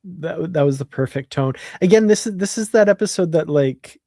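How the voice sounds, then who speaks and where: A man co-hosting a live online chat show, speaking thoughtfully with pauses on a video call. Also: a little high, no echo, studio quality. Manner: thoughtful, relaxed, hesitant with fillers. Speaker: co-host. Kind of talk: casual chat.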